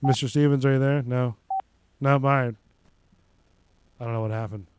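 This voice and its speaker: A man working as producer on a live radio talk show, calm and practical, announcing to listeners what is happening. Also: mid-range voice, normal speed, a little hiss or hum. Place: radio studio.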